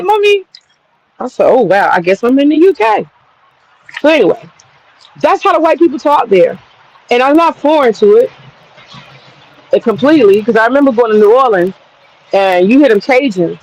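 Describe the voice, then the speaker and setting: A woman's voice: a little high, poor audio. A woman streamer tells a story to her viewers in loose, casual talk. She curses freely and drifts into side remarks. She keeps her hands busy with a task as she talks. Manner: profane, rambling, lively storyteller; works with her hands while talking.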